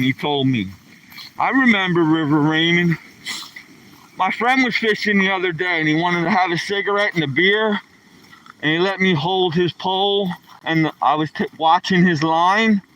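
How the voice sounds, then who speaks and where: A man's voice: sits high, expressive, normal speed, pushed and bright, far from the mic, poor audio. A man in his sixties with a Philadelphia accent, chatting casually to live viewers by name while walking his dog outdoors by a lake. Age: 60s. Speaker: live streamer. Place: outdoors by a lake on a cool rainy morning.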